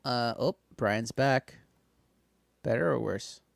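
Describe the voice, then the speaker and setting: A man co-hosting a casual podcast chat, joking and laughing often in quick bursts. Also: mid-range voice, gravelly, no echo. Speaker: podcast co-host.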